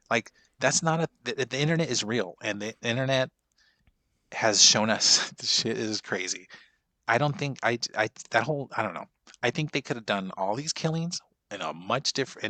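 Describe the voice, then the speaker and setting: Here a podcast co-host in his forties speaks with a bright, forceful, medium-pitched voice and no echo. His casual movie reaction is rambling and profane, with frequent false starts and restarted sentences.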